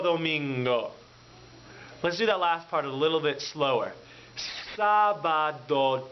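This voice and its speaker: A man teaching a language lesson through call and repeat, drawing words out and swinging his pitch up and down on each drilled word. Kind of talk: slow, drawn-out classroom teaching with call and repeat. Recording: dull lo-fi sound with faint noise.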